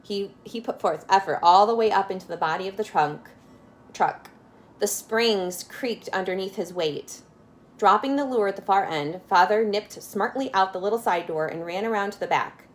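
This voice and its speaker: A woman's voice: medium pitch, moderate pace. A woman reading a children's chapter book aloud, adding friendly asides that explain words to young listeners. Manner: adds asides and explanations for kids. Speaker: storyteller.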